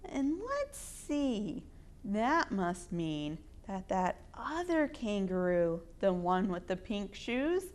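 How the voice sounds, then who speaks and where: A woman hosting storytime, reading picture books aloud to children in an expressive, sing-song way. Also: mid-range voice, slow. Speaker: storytime reader.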